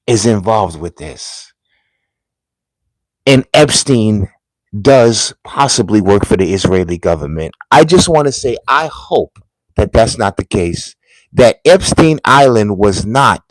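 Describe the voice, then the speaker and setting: A man's voice: on the low side, no room sound, rough recording. A man from the United States giving a casual commentary monologue, telling rambling, emphatic stories.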